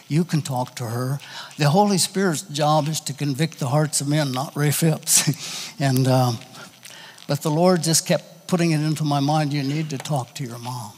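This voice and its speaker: A man preaching a sermon in a folksy, halting, conversational way, telling personal stories to his congregation. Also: medium pitch, darkish tone, in a large hall, a little hiss or hum.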